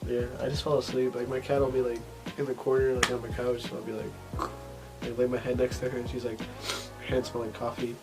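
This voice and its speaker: A man chatting on a podcast, mid-pitched and loose, rambling from one story to the next with constant fillers and casual swearing. Faint music plays underneath. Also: level tone, brisk, low-quality recording. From family ties to Texas. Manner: rambling, profane, many fillers. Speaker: podcast host. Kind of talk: casual chat.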